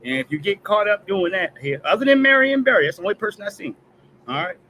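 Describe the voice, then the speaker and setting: Casting note: male stream host, bright forceful tone, pitched a bit high, keeps punching lines with "all right?". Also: lively intonation, fast talker, slight background noise, low-quality recording. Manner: emphatic, repetitive "all right?" tags, heated and profane. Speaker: host of a news commentary stream. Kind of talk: casual commentary rant.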